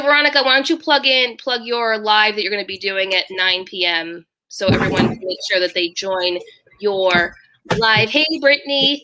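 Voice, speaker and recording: A woman's voice: medium pitch, sharp tone, slight background noise. A woman hosting a casual live stream over a video call, chatting with her co-host and greeting viewers in the chat by name. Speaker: livestream host.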